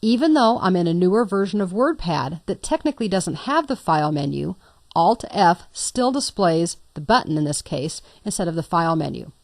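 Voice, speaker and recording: A woman's voice: fairly low pitch, animated, normal speed, darkish tone, no room sound, studio quality. A woman instructor talking through a computer tutorial step by step, patient and lightly playful. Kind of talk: screen-recorded software tutorial.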